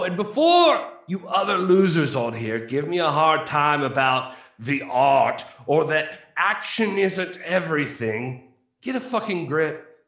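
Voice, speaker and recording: A man's voice: a little high, fairly bright tone, full character voice. A man voicing a pompous British male film reviewer with a put-on British accent and a theatrical, indignant delivery. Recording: roomy echo.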